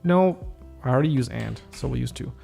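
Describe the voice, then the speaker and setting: Guy with a gravelly voice running through his script out loud, keeps stopping to rework lines, faint music behind. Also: medium pitch, expressive, fairly quick. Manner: reads lines aloud, stops to rethink and reword. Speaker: podcast host. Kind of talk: casual solo script rehearsal.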